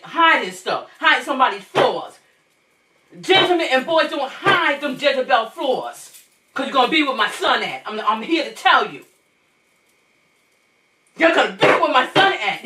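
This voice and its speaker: High, bright, urgent woman preaching to viewers. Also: a little hiss or hum. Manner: preachy, repetitive, urgent, emphatic. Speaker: channel host, grieving mother. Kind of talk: impassioned monologue to viewers. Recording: echoey room, distant mic.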